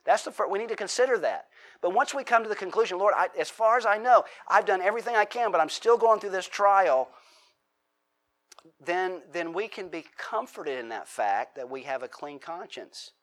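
Conversational preacher, fairly high voice. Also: male voice, animated, normal speed, a bit bright. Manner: conversational preaching, asks the congregation questions, acts out prayers. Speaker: pastor. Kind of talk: sermon.

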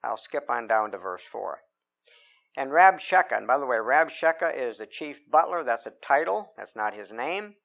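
A man preaching a sermon, reading scripture slowly and with emphasis between plainly spoken remarks with many fillers. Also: mid-range voice, big pitch swings, creaky, a bit bright.

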